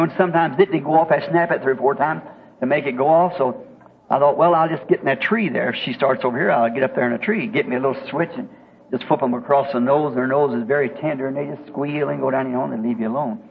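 A man's voice: mid-range voice, quick pace, creaky. A man with a Southern American accent, telling a folksy, homespun story in a sermon, chuckling as he goes. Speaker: preacher. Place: church meeting. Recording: tinny lo-fi old tape with faint hiss.

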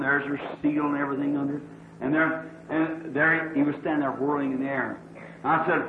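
A man's voice: medium pitch, flat delivery, a little fast, background noise. A male preacher tells a story in a sermon, rambling and folksy and acting out the dialogue. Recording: tinny lo-fi echoey old sermon tape.

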